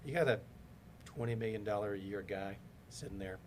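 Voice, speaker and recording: Animated male storyteller, mid-pitched. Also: fairly quick, a little hiss or hum. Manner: animated storyteller acting out quoted voices. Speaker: podcast guest, business consultant. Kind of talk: casual storytelling interview.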